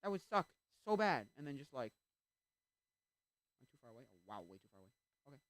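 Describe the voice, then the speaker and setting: A man's voice: medium pitch, quick pace, no room sound. A man streaming a game, chatting casually in a rambling way and breaking off to react to play. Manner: rambling, animated, interrupts himself to react to the game. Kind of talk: casual chat while playing.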